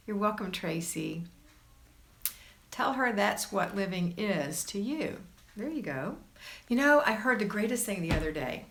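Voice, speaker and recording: A woman's voice: medium pitch, lively intonation, unhurried, fairly bright tone. A woman hosting a casual livestream, reading viewer comments aloud and reassuring her viewers in a chatty way. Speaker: homemaking livestream host.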